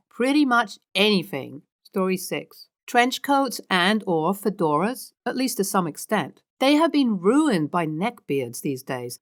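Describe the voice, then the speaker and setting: A woman narrating, reading a series of online posts aloud in a steady, scripted way. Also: medium pitch.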